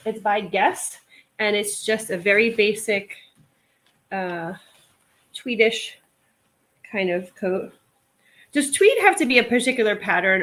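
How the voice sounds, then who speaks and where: A woman's voice: mid-range voice, a bit bright. A woman hosting a casual live stream at home, chatting in a rambling way with many fillers while she sorts clothes to resell. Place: at home, sorting a pile of clothes.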